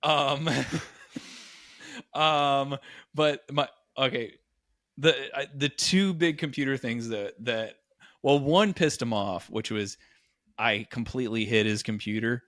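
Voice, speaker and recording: A man co-hosting a podcast in loose, casual chat. His voice sits at an ordinary middle pitch and the recording is dry and close, with no room around it. He tells stories with lively impressions of other people. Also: slow pace, no room sound. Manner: animated storyteller, acts out quoted voices. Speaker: podcast co-host.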